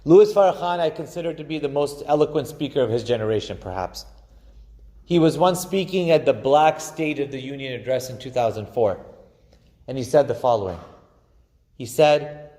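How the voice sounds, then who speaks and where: A man's voice: medium pitch, dark tone. Impassioned man preaching in a reverberant hall. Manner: impassioned preaching, swelling and slowing for emphasis, chanted Arabic phrases. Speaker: imam giving Friday khutbah. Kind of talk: sermon.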